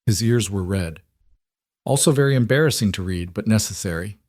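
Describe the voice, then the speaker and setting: A man narrating a story in a steady, measured reading. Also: on the low side, no echo, clean studio sound.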